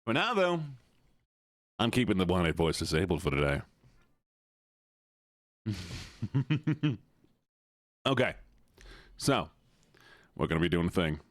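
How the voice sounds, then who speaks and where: A man's voice: low-pitched, sing-song, slow pace, long pauses, dry recording, clean studio sound. A man streaming to his viewers in casual chat, playful and laughing often as he thanks them.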